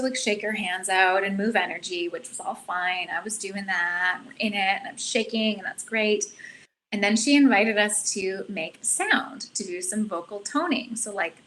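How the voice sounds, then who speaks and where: Guest, woman, middle-aged, earnest and animated, bright tone, faint noise behind. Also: mid-range voice, poor audio. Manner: earnest, animated, self-reflective. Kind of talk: casual storytelling.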